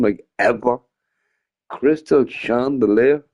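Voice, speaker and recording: A man's voice: mid-range voice, expressive, slow pace, darkish tone. A young man chats off the cuff on a gaming live stream. He rambles and swears freely, and his voice swings widely up and down as he talks. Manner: rambling and profane, often laughing. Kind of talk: casual live-stream chat.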